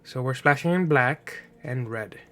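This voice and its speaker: Male streamer, mid-pitched, slightly nasal from allergies, chatty and filler-heavy, soft background music. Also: a little slow. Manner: chatty, thinking aloud, frequent fillers and rhetorical "right?". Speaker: streamer building a card game deck. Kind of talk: casual gameplay commentary.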